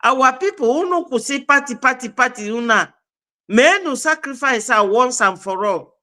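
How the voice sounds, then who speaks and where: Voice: high-pitched, expressive, moderate pace, pushed and bright. A speaker with a Nigerian accent earnestly urging their people to stop partying, with repeated rhetorical prompts. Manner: urging, repetitive, rhetorical questions. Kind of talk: earnest exhortation mixing English and Igbo.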